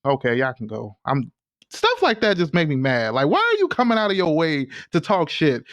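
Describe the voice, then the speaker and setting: A man co-hosting a podcast in casual chat, animated and exasperated, swearing often. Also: fairly high pitch, moderate pace, dry recording, clean studio sound. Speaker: podcast co-host.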